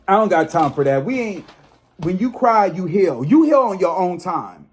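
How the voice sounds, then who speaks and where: Speaking to his viewers in a casual vlog, this thirty-something psychic tarot reader and channel host addresses them as y'all and erupts into animated, emphatic rants full of swearing. His voice sits high, slightly rough, at a moderate pace.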